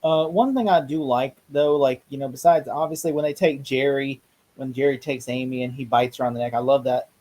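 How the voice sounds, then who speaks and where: A man in casual chat about a horror movie, talking excitedly and acting out lines in voices. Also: mid-range voice, a little fast. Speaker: co-host discussing a horror movie.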